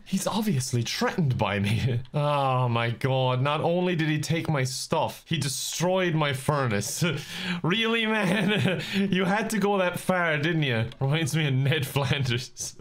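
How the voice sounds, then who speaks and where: A man's voice: a little high, animated, measured pace, fairly bright tone. A young man commentating his own gameplay, self-mocking and breaking into laughter often. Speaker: gaming video host.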